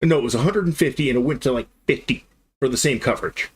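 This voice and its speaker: His voice is husky and medium-pitched, and he talks quickly. He's a man in his thirties on a live game stream, rambling through a long story in a casual, animated way and voicing the dialogue himself.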